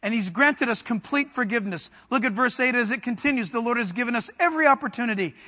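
A male preacher with a very high, bright voice that rings through a long hall reverb. He presses his congregation with direct questions and climbs into fervent shouting. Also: expressive, fast. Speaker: pastor. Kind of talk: sermon.

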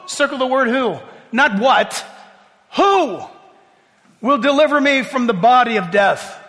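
A man preaching a sermon with animated delivery, swinging from hushed asides to loud exclamations. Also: high-pitched, moderate pace. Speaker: pastor. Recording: reverberant hall.

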